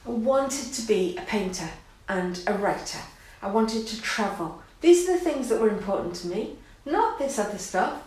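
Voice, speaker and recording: A woman's voice: mid-range voice, expressive, normal speed, few pauses, a little mellow. A middle-aged woman speaks to camera about her own life, reflective and earnest, and at times she laughs and grows emotional. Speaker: art course host. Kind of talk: personal talk to camera. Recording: very echoey room.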